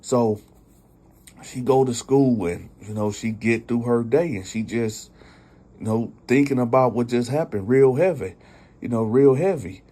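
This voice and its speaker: A male storyteller narrating in a relaxed, conversational way, with plenty of "you know" filler. His voice is dark and mellow with a husky edge. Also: mid-range voice, unhurried. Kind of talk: casual spoken storytelling.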